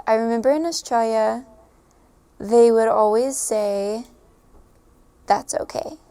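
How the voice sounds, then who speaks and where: Chatting casually to camera about her stay abroad, a woman giggles often and uses many fillers. Her voice is fairly high and dark in tone, clean, slow, and full of frequent pauses.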